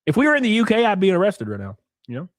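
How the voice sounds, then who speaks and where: A man's voice: sits high, wildly swooping pitch, very fast, dry recording, clean studio sound. Sick, sniffly man hosting a rowdy stream. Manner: rowdy, jokey, loud exclamations and laughs. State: sick and sniffly, stuffed nose. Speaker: live streamer host. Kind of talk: casual live-stream chat with viewers.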